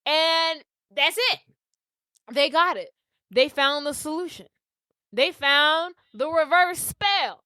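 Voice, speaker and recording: A woman's voice: high-pitched, takes it slowly, bright, forceful tone, no room sound, clean studio sound. A woman co-hosting a podcast, animatedly recapping a movie in slangy, profane casual chat and acting out the characters' lines. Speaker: podcast co-host.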